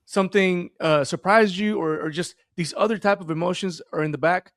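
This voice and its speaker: A man speaks earnestly as a podcast guest, slipping into animated storytelling. His voice sits a touch high. The sound is dry and close to the mic. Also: fairly quick, no room sound. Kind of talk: casual podcast conversation.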